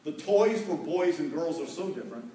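A middle-aged male pastor preaching in a folksy, joking way, stressing key words by repeating them. His voice sits a little high and carries a heavy echo. It sounds picked up from across the hall, with faint room noise behind it. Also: animated, moderate pace, dark tone, distant mic. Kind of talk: sermon on marriage. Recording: echoey hall, voice from afar.

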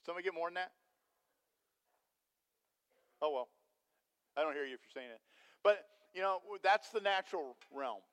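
A man preaching a sermon as pastor, telling a story with animated energy and putting questions to the congregation. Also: fairly high pitch, fast talker, smooth. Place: church sanctuary. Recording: long hall reverb.

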